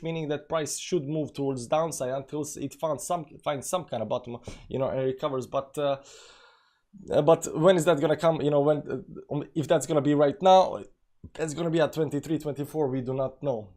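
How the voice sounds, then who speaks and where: A man's voice: on the high side, a little fast, a little mellow. Rambling man hosting a crypto stream. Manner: rambling, many "you know" fillers. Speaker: crypto channel host. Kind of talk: casual live-stream chat.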